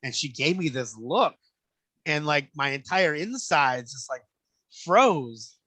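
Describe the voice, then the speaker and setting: A man spinning stories in a loose, profane podcast chat, jumping into little voices for the people in them. His tone is bright and forward, a bit higher than most men. The sound is dry and close with no room around it. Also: takes it slowly, dry recording. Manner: animated storyteller, acts out quoted voices, swears freely. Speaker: podcast guest. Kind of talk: casual storytelling chat.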